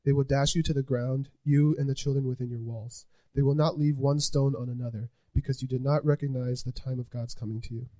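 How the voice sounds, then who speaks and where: Mellow-voiced man reading scripture. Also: medium pitch, fairly even intonation, a little fast, few pauses. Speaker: scripture reader.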